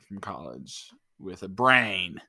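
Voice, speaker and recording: Bright, lively joking man. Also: deep voice, takes it slowly. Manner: joking, teasing, playful. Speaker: podcast co-host. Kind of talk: casual chat.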